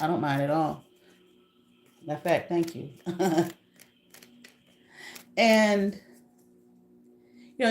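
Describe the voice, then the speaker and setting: A woman content creator chatting to her live viewers about her days as a substitute teacher. Her voice sits a little low, and she tells stories with animated, profane asides and frequent laughter. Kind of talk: casual storytelling to a live audience.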